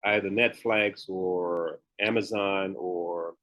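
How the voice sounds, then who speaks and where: A man's voice: sits low, steady tone, slow, a bit bright, rough recording. A man with a Southern US accent, a guest on a podcast, telling his story candidly and laughing often. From Memphis, Tennessee, US Southern. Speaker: guest, retired pro bodybuilder and author. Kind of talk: podcast interview.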